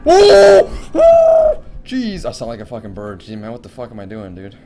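A young man streaming a horror game, excitable and swearing, yelping at scares. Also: fairly low pitch, fast, over music. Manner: excitable, swearing, yelps when startled. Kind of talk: live gameplay commentary.

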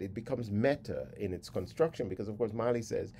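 A man giving a spoken lecture on song lyrics, in a deliberate, reflective way that sometimes drops to a hush. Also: lowish voice, slight background noise.

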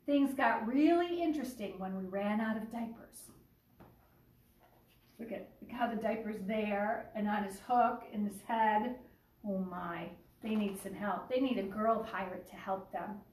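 A woman who teaches young children, reading a picture book aloud with lively asides, then speaking to families. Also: medium pitch, measured pace, far from the mic. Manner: warm, animated storytelling with asides. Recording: echoey room, voice away from the mic.

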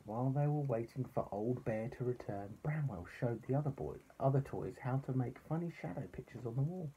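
A father reading a bedtime story aloud to his son, gentle and expressive. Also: mid-range voice, a little fast, muffled recording, background noise.

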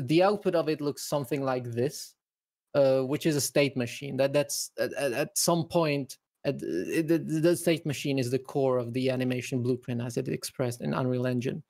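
A man's voice: mid-range voice, darkish tone. A man who works as a game programmer, explaining animation work in a casual, hesitant way with frequent restarts. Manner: hesitant, many fillers and restarts. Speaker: game programmer giving a presentation.

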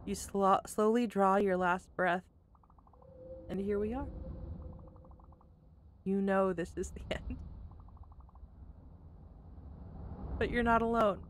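A gentle, ageless spirit of death speaks in a hushed, solemn murmur, as a woman reads its lines from a video game. The delivery is slow and quiet, with each phrase given room to settle. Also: medium pitch, steady tone, a little hiss or hum, lightly acted. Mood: tender. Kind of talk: reading game dialogue aloud.

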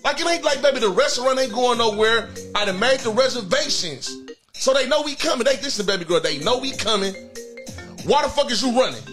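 Man, high voice, brash insulting call-in host, music playing behind. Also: lively intonation, a little fast, a bit bright. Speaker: host of a comedy call-in show. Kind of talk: crude comedic call-in banter. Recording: background music throughout.

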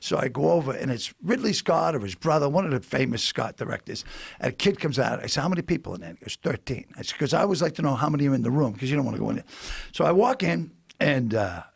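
An older man with a Boston accent, a comedian guest telling animated stories and acting out the voices in them. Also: medium pitch, fast, creaky, slightly rough, no echo. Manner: animated, acts out voices in anecdotes. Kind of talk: storytelling on a podcast.

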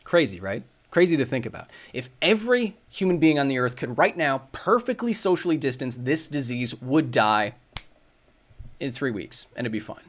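Casting: male science host in his thirties, casual stream Q&A, rambling and thinking aloud, mid-pitched voice. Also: sing-song, moderate pace. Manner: rambling, thinks aloud with many fillers and restarts. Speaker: science video host answering viewer questions. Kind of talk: casual livestream Q&A.

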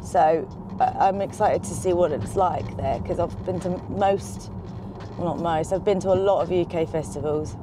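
An excitable, chatty woman vlogging from a moving car, swearing casually as she talks. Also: fairly low pitch, normal speed. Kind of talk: casual road-trip chat. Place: in a car on the road. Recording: road noise behind. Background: car and road noise.

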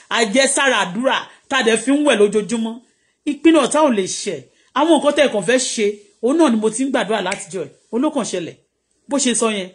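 A middle-aged Nigerian woman vlogger, delivering a heated, preachy live-streamed rant that scolds her critics. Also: on the high side.

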